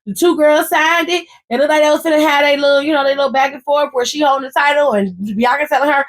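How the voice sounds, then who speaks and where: A woman recaps wrestling casually, her delivery animated, sassy, and full of profanity, often turning aside to talk to her listeners. Her voice is high-pitched and quick, with hardly any pauses.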